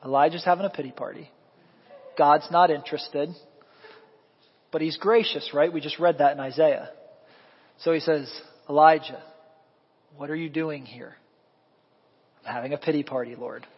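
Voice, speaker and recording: Husky-voiced male pastor preaching in a hall. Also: on the high side, moderate pace, pauses often. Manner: animated preaching, quizzing the congregation. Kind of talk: sermon. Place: church sanctuary. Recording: echoey hall, dull lo-fi sound.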